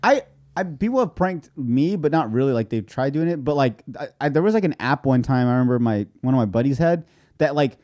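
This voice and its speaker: Podcast co-host, man, quick and animated, rambling storyteller, lots of fillers. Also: medium pitch. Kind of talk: casual chat.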